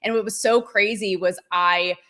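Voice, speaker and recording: A woman hosting her show, talking candidly in a profane, animated, rambling and self-mocking way. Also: mid-range voice, moderate pace. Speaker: show host. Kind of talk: candid livestream monologue.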